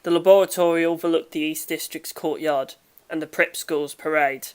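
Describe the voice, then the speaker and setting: A woman narrates a fan audiobook in a low voice. Her reading is steady and measured. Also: smooth.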